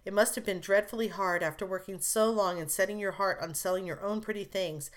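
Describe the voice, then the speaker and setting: A woman reading aloud as a shy, loving young sister who speaks softly and affectionately. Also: mid-range voice, steady tone, fairly quick, close to an everyday voice. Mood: tender. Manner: soft, affectionate.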